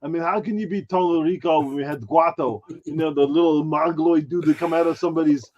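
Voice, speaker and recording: A brash, self-promoting action-movie star holds forth, as a man does the impression, crude and full of swagger. The voice sits fairly high, and the audio is dull and muffled. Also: steady tone, a little fast, gravelly. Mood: boastful. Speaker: guest impressionist. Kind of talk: podcast chat in character.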